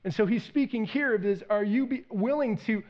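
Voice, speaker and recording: A man preaching a sermon as pastor, conversational and animated, acting out quoted lines with rising intensity. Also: sits high, fairly quick, dull audio.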